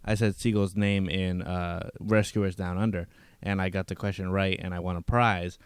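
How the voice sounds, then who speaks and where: A man co-hosting a podcast, chatting casually with a teasing, animated delivery on a close mic. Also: normal speed, clean tone, no echo. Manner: animated teasing, jumps in pitch when excited. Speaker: podcast co-host. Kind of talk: casual chat.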